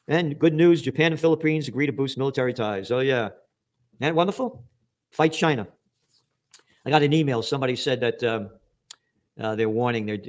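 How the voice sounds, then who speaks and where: A man giving an angry, sarcastic news commentary, reading headlines aloud and mocking them with profanity. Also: mid-range voice. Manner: reads headlines aloud then mocks them.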